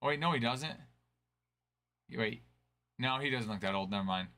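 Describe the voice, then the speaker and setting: A man's voice: medium pitch, normal speed, pushed and bright. A man hosting a card break stream, chatting casually and answering viewers' chat.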